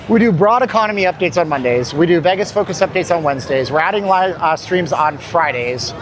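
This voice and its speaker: A man's voice: on the high side, lively intonation, moderate pace, over music. A man hosting a casual walking livestream, tired and winded, rambling and joking as he talks to his chat. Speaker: livestream host. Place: city street outdoors. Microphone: handheld phone. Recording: phone mic on a noisy street.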